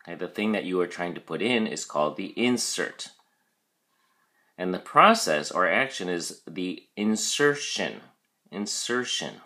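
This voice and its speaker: A man teaching a recorded vocabulary lesson, explaining patiently, checking in with "okay" and modeling syllable stress slowly. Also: low voice, animated, pushed and bright.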